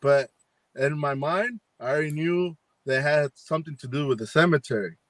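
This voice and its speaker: Animated man telling a spooky story. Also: on the high side, moderate pace, no echo. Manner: rambling, acts out quoted dialogue with many fillers. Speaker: paranormal investigator guest. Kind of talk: casual storytelling on a live chat.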